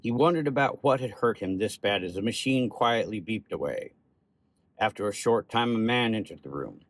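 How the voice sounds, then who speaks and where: A man narrating a horror short story in a steady, measured way. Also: lowish voice, no echo.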